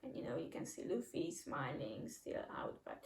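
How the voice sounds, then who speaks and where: A woman's voice: extremely low pitch, wildly swooping pitch, moderate pace, creaky, roomy sound, recorded from a distance, poor audio. A woman reading a manga chapter aloud and chatting casually about what happens, voicing the dialogue with mild changes of voice. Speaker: manga reaction reader.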